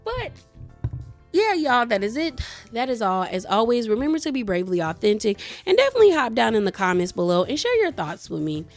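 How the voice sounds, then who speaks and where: A woman recapping a reality TV episode in a casual, chatty, slangy way, retelling the arguments with animated quoting. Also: on the high side, brisk, soft background music.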